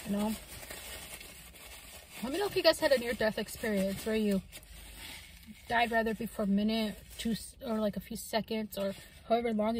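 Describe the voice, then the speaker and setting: A woman's voice: fairly high pitch, slight background noise, low-quality recording. A woman vlogger in a casual chat while she eats, talking with her mouth full and musing in a rambling way, with lots of fillers. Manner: soft-spoken, wondering. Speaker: mukbang vlogger.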